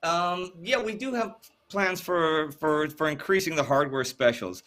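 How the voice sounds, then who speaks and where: A man's voice: fairly high pitch, measured pace, fairly bright tone. A man hosting a casual livestream chat, rambling and repeating words as he thinks, with a cough that keeps catching him. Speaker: livestream host.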